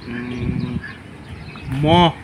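A man's voice: medium pitch, very slow, very noisy. A man with an Assamese accent teaching his daughter, patiently explaining and quizzing her word by word in a casual home lesson. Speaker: language teacher, channel host.

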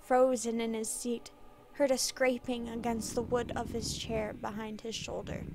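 Woman narrating a dark tale. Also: on the high side, level tone, creaky, noisy background. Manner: measured, dramatic reading. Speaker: storyteller. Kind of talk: scripted story narration.

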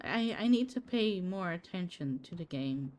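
A woman's voice: fairly low pitch, lively intonation, normal speed, darkish tone. A woman streaming a game, chatting casually with her viewers by name and laughing often. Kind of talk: casual live-stream chat while gaming.

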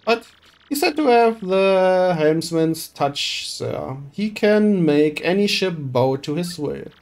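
A streamer reading game dialogue aloud and voicing an eager, deferential sailor with rough, folksy speech. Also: mid-range voice, expressive, slow.

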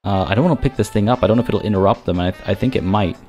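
Man, game commentary, low voice, self-deprecating, faint guitar music behind. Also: racing, darkish tone. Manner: chatty, self-deprecating, thinking aloud. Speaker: let's play host.

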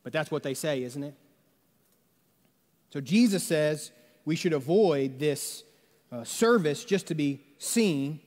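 A man delivers a sermon to his congregation, loose and chatty, with plenty of jokes and rhetorical questions. His voice sits high for a man. The sound carries a long reverb from the church hall. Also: lively intonation, slow, pauses often, darkish tone. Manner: conversational, jokey storytelling with rhetorical questions. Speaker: pastor. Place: church sanctuary.

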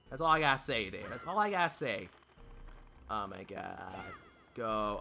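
A young gaming channel host provides let's play commentary, talking to the game as he plays and swearing and pleading in frustration. His mid-range voice is animated and brisk with a sharp tone.

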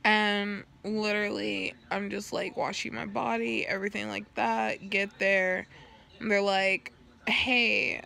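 A young woman with a bright, forward voice and a gravelly fry at the ends of her phrases tells her story in a casual vlog. She is recovering after surgery, stops to burp now and then, swears freely and plays out the lines of everyone she quotes. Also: medium pitch, flat delivery, slow pace. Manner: candid, swears freely, acts out quoted dialogue. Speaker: vlogger.

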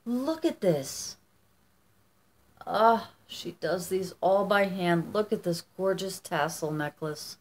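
Warm and casual, a middle-aged woman vlogger from the United States opens fan mail on camera in an animated yet slow delivery. Her voice is a bit low for a woman, and she rambles effusively, repeatedly restarting what she's saying.

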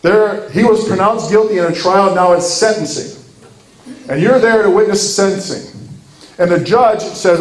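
A man's voice: sits high, animated, moderate pace. Earnest male speaker in an echoey room. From Minnesota, USA. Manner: earnest storytelling with acted quotes. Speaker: ministry speaker. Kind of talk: sermon-like talk.

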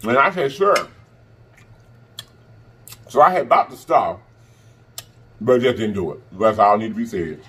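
Man, husky, casual vlogger chat to camera, repeats himself. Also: mid-range voice, animated, a little slow, pauses often, a bit bright. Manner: chatty, repeats itself for emphasis. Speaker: mukbang vlogger.

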